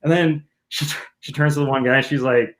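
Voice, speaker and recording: A man with a somewhat high voice tells an anecdote on a casual podcast. He is animated and jokey and slips into acted-out quotes as he goes. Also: fairly quick. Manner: animated, joking storyteller who acts out quotes.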